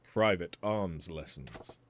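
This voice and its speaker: A man voicing a calm, courteous master weapon smith in a video game, with formal, measured phrasing. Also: sits low, a little hiss or hum, pitched below the performer's own voice. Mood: composed. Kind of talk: reading game dialogue aloud.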